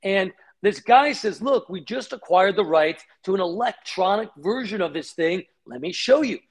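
Telling stories about his working life, a middle-aged man who founded a company talks quickly and with energy, mimicking the people he quotes. His voice sits high and sounds husky.

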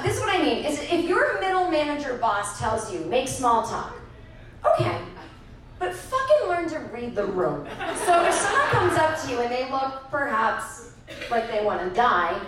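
A woman performing a profane, wry stand-up comedy set on a club stage, acting out the people in her stories. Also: sits high. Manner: profane, wry, acts out other people's voices. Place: comedy club stage before a live audience. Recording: echoey live club, mic far off, crowd noise. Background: audience laughter.

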